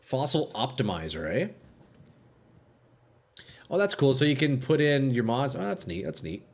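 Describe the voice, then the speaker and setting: A man's voice: mid-range voice, big pitch swings, normal speed. A young man streaming a game live, chatting to his viewers, swearing and laughing often. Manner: swears a lot, laughs and rambles to chat. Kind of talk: live gameplay chat with viewers.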